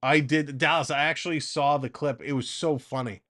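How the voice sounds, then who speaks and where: A man calls a baseball game on a live fan stream in a loose, chatty way. His voice sits a bit high for a man, and between pitches he drifts into side chatter. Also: fairly even intonation, moderate pace, fairly bright tone. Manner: chatty, wanders into side banter between pitches, laughs often. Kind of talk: casual live play-by-play commentary.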